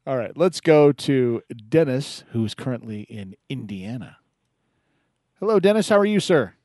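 Lively-voiced man hosting a call-in show. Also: mid-range voice, normal speed, no echo, studio quality. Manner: upbeat, laughs easily. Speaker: radio show host. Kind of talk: casual radio chat. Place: Denver.

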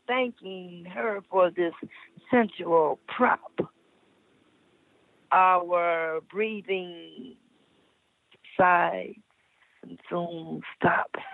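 A woman calling in from Cleveland, reading a sensual poem slowly in a put-on old lady voice. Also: mid-range voice, no room sound. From Cleveland, Ohio. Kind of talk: slow sensual poetry reading. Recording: tinny phone line, dry.

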